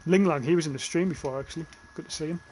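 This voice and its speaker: Northern english man, young adult, casual gaming chat, swears a lot, bit of a high voice, faint noise behind. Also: racing, a little mellow. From northern England. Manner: chatty, swears freely, reads chat aloud. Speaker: livestreamer.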